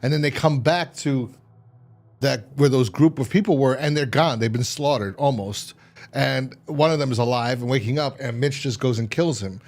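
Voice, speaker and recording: A man's voice: mid-range voice, moderate pace, a little mellow. A man giving a casual, rambling recap of a TV episode, full of fillers and restarts. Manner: rambling, filler-heavy retelling. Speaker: TV episode reviewer.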